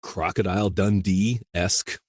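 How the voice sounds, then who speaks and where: A man from rural Iowa, an audiobook narrator, chatting as a guest in a casual interview, rambling with many restarts and quick laughs. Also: deep voice, steady tone, no room sound, studio quality. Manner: rambling, full of "you know" and restarts, laughs easily.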